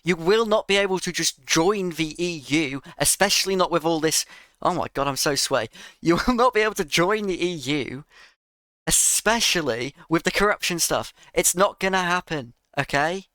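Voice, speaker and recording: A man's voice: fairly high pitch, expressive, moderate pace, bright, forceful tone, no room sound. A man giving a sarcastic, exasperated reaction rant to another creator's video.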